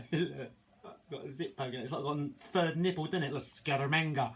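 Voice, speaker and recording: A man's voice: on the high side, fairly quick, fairly bright tone, breathy edge. Chatty man rambling to camera. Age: middle-aged. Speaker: home cooking vlogger. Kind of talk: casual chat to camera. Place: home kitchen, indoors. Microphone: camera mic.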